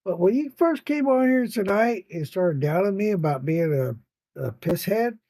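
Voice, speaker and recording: A man's voice: high voice, expressive, unhurried, mellow, no echo. A tired man hosting a casual late-night livestream podcast, reading viewers' comments aloud in a rambling, swearing, laughing way. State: tired, yawning. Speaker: podcast host reading live chat.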